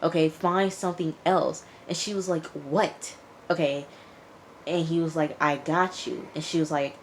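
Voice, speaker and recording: A woman casually recapping a TV episode, chatty and animated, acting out the characters' lines as she tells it. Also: low-pitched, unhurried, slight background noise. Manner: chatty, animated retelling with quoted dialogue. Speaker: TV show reviewer.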